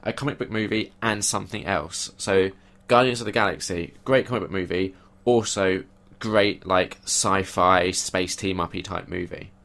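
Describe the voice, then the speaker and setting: A man's voice: low-pitched, steady tone, moderate pace, creaky, few pauses, a bit bright. A man co-hosting a podcast, giving opinionated, casual takes on a film. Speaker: podcast co-host.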